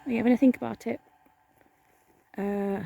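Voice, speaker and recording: Gravelly whispering woman in a cemetery. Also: fairly high pitch, fairly even intonation, moderate pace, muffled recording, a little hiss or hum. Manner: whispering, calling out to spirits. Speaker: vlogger on a ghost hunt. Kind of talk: hushed vlog narration. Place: outdoor cemetery at night.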